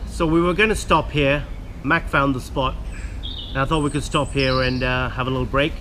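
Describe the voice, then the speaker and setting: A man's voice: medium pitch, fairly even intonation, moderate pace, pushed and bright, a little hiss or hum. A man vlogging outdoors by a river, earnestly urging viewers not to litter. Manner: earnest ranting appeals to viewers. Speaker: hiking vlogger. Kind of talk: outdoor vlog talk to camera.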